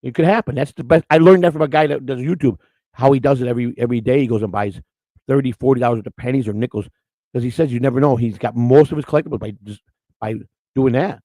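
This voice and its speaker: A middle-aged host tells rambling stories on camera, casual and outspoken, restarting himself often. His medium-pitched voice is mellow yet fast, captured on a dry, rough recording.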